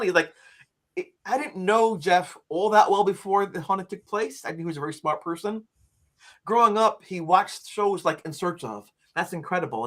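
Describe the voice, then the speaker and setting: Animated older male storyteller. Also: high-pitched. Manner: lively, acts out quotes and screams, frequent "like" fillers. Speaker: interview guest, author and teacher.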